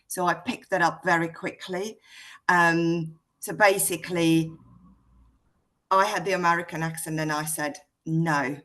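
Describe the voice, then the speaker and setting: A woman from Hungary speaks with a mostly British accent, a little South African in it. Her voice sits low for a woman, and she tells her story in a relaxed, chatty way with plenty of ums. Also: a little slow. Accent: Hungarian-born, mixed British and South African. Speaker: guest speaker. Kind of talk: casual conversation on a video call.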